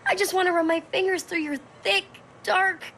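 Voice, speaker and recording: A woman's voice: very high voice, fairly even intonation, normal speed, fairly bright tone. An actress voicing a lovesick teenage girl contestant in a cartoon, flustered and dreamy as she talks. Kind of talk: cartoon voice acting.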